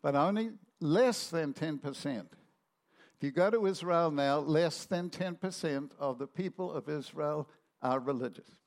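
A man's voice: fairly high pitch, a little slow. A man preaching a sermon, telling stories animatedly and acting out the voices in them.

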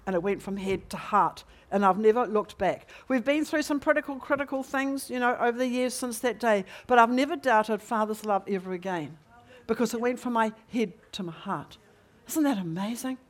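A middle-aged woman preaching in a church meeting, telling a personal story with lively rhetorical questions to the congregation. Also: fairly high pitch, normal speed. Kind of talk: sermon testimony.

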